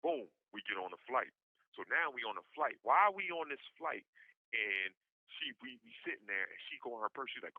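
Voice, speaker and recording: Animated man telling a story over a dull phone line. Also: brisk, no echo. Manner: animated, acts out every voice in his anecdote with big pitch jumps; slangy, loose street talk. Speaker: podcast guest. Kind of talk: casual storytelling. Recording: dull lo-fi prison phone call.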